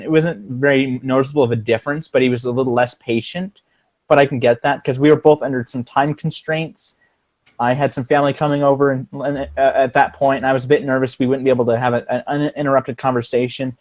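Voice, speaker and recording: A man's voice: mid-range voice, darkish tone, no echo. A man talks loosely on a livestream call, rambling and cursing freely. His mid-range voice is heard through a computer mic, full of fillers and restarts. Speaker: livestream co-host. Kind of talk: casual livestream chat.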